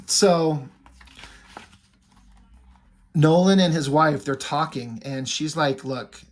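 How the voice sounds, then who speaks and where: A man with a somewhat high-pitched voice talks through a comic plot in a loose, chatty way. He keeps slipping into paraphrased dialogue and casual asides as he recaps scene by scene. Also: slow. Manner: chatty, retells scenes with "he's like" quotes. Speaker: comic book reviewer.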